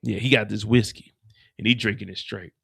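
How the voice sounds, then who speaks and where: A man hosting a live stream, recapping a TV episode in a casual, profane, animated way. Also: fairly low pitch, brisk, gravelly, slightly rough.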